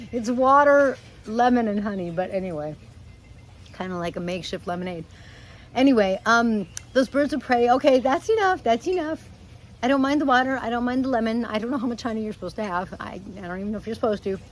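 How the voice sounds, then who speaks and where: Middle-aged woman vlogger, chatty and animated, mid-pitched voice, faint ambient noise behind her. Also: normal speed, low-quality recording. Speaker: parrot vlogger. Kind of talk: casual storytelling vlog. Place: screened patio outdoors.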